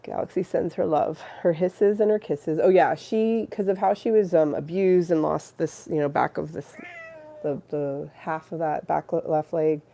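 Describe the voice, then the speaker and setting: A young woman with a low, gravelly voice chats casually to her livestream viewers. She rambles with lots of fillers and restarts, and her tone stays affectionate. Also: normal speed, mellow, a little hiss or hum. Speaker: livestream host.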